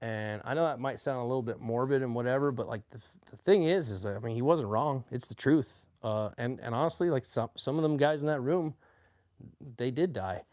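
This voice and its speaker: Here the veteran, a plainspoken man in his forties, talks a little fast in a medium pitch, with no room sound in the clip. He relates his story casually and becomes animated when repeating what others said.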